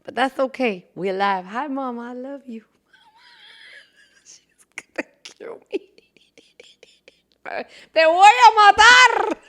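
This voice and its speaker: Young female podcast host, high lively voice, unhurried, laughs a lot and curses casually. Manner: animated, laughing, swears freely. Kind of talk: casual solo podcast chat.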